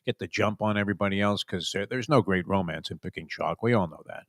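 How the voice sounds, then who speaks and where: A man's voice: low voice, quick pace, no room sound, studio quality. A middle-aged man hosting a casual sports talk show, wry and sarcastic, rambling with plenty of fillers.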